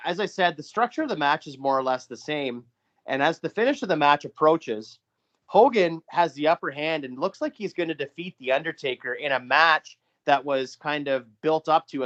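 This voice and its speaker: A man co-hosting a podcast, recounting a booked match in a halting way with frequent restarts. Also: mid-range voice, a bit bright, lo-fi sound. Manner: halting, many restarts and fillers. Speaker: podcast co-host. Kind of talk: casual podcast chat, narrating fantasy wrestling booking.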